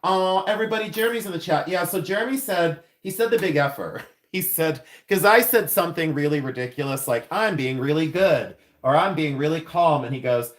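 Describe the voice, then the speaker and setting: Man, somewhat high voice, effusive, chatty, laughs a lot, casual livestream from a jewelry studio. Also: fairly quick, hardly any pauses. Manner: effusive, chatty, laughs often, keeps thanking viewers. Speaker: silversmith livestream host. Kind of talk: casual livestream chat with viewers.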